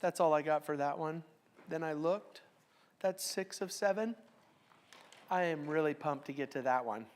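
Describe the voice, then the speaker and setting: A woman's voice: low-pitched, normal speed, long pauses, a little mellow. A middle-aged woman teaching a Bible study class. She reads verses aloud with strong emphasis, then explains them in a casual, joking way.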